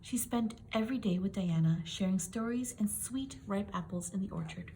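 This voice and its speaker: A woman reading a children's picture book aloud in a gentle, clear and expressive way. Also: medium pitch, moderate pace, a little hiss or hum. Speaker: storybook reader.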